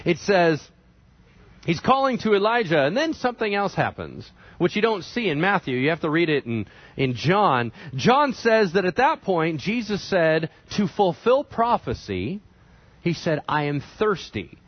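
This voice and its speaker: Lively, animated male preacher. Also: high voice, measured pace. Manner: animated storytelling, conversational asides. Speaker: pastor. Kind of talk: sermon. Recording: dry, slightly dull sound.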